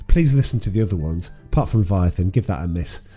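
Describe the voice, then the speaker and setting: A man's voice: deep voice, animated, fast, mellow, faint music behind. A man co-hosting a podcast, casually retelling a film plot with many ums and restarts. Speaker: podcast co-host. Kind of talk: casual film recap chat.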